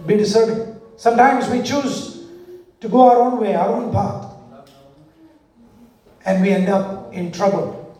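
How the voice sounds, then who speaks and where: A man's voice: sits high, a little slow, long pauses, darkish tone. A male pastor preaching a sermon, with rhythmic call-and-response and repeated parallel phrases, recorded in a church. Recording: echoey church hall from far off.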